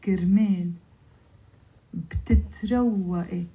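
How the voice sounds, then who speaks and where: Woman slowly drilling Lebanese Arabic words. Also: fairly low pitch, mellow, highs cut off. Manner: slow, careful word-by-word pronunciation drills. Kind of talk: vocabulary lesson on a livestream.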